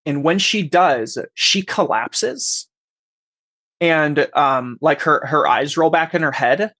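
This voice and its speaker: A young man running a tabletop game who narrates in a halting, stop-start way and often fumbles for words. His voice is slightly high. The sound is dry and close. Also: sharp tone, no room sound. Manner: halting, many fillers and restarts. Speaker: game master.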